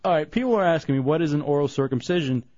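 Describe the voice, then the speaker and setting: A man's voice: fairly high pitch, animated, racing, a little mellow, dry recording, dull audio. A man hosting a radio talk show, teasing his co-hosts and laughing often. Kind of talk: casual radio banter.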